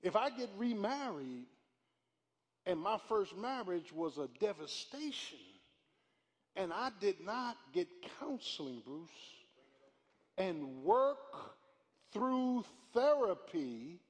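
An older man, a pastor, preaching a live sermon, dropping to hushed storytelling and then rising to loud shouts. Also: high voice, big pitch swings, slow. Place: church sanctuary. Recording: live church hall with long reverb.

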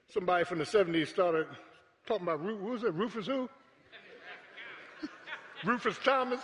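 A pastor preaching a sermon to his congregation, calling out to them and building up to shouts. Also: high-pitched, normal speed, pauses often. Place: church sanctuary. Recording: echoey church hall.

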